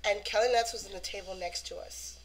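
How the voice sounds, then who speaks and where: A young woman vlogging as a fan, telling a story in a lively way and acting out quotes. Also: medium pitch, a little fast. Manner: animated, acts out quotes. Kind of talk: excited casual storytelling.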